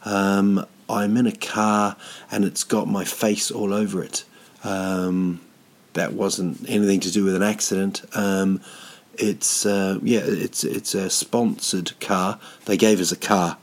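Speaking slowly in a low voice that barely rises or falls, a touring comedian rambles on while sitting indoors at home. He's hesitant, full of ums, and mocks himself with a dry wit.

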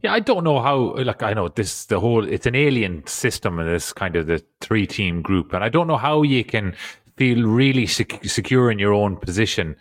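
A man co-hosting a podcast, thinking out loud in a hesitant casual way with restarts. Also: fairly low pitch, expressive, normal speed. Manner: thinking aloud, hesitant, many fillers. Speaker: podcast co-host. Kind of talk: casual chat.

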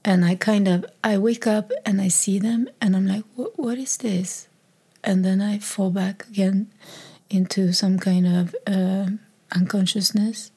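Woman, Swedish accent, native Swedish speaker, warm mellow tone, strained emotional voice, halting personal testimony. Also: medium pitch, steady tone, slightly rough. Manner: halting, restarts often, drops to a soft whisper. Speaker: speaker sharing a personal story.

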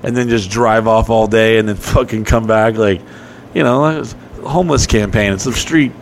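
A man's voice: fairly low pitch, moderate pace. Guy rambling thru crude stories, swears constantly, faint room hiss. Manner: profane, rambling, laughing storyteller. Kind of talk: casual storytelling chat.

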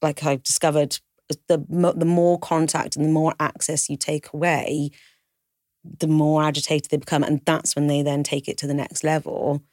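A woman with a low voice talks through a hard personal story in a candid, conversational way, slipping into other people's voices as she goes. The sound is dry and close, with no room around her. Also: level tone, normal speed, a little mellow, no room sound. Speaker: podcast co-host telling her own story.

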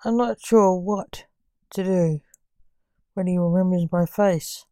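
A woman's voice: fairly low pitch, slow, warm tone, clear, resonant tone, dry recording. A woman voicing a scared young male magician, the reaper king's son, speaking timidly and reluctantly.

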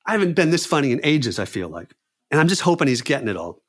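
A man telling a personal story in an animated way, often repeating words and phrases. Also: fairly high pitch, fast. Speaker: clown performer telling a story.

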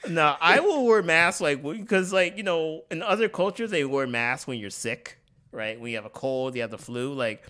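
A man's voice: fairly high pitch, animated, moderate pace, bright, forceful tone. A man co-hosting a casual comedic chat, rambling with lots of "like" and laughter. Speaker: podcast co-host.

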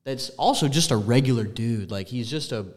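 A man's voice: medium pitch, normal speed, darkish tone. A man co-hosting a sports podcast, easygoing and weighing both sides of an argument. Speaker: podcast co-host. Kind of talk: casual sports chat.

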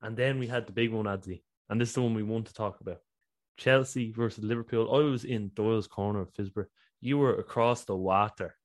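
A man's voice: on the low side, fairly even intonation, a little fast. A man from Ireland, co-hosting a podcast and enthusing casually about football. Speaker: podcast co-host. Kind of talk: casual chat.

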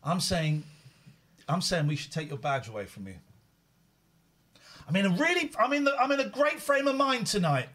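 Lively, playful male host. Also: high voice, moderate pace, long pauses. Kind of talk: live call-in show.

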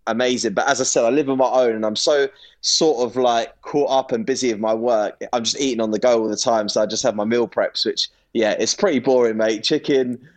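A man's voice: mid-range voice, steady tone, a little fast. A young man from North London with a London accent, chatting casually as a guest and laughing easily. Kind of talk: casual chat.

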